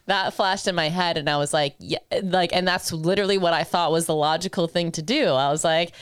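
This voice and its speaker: A woman's voice: fairly low pitch, fairly even intonation, fairly quick, smooth, no echo, studio quality. A woman co-hosting a podcast, telling a story in casual chat, laughing often, swearing freely and acting out the lines she once said. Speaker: podcast co-host.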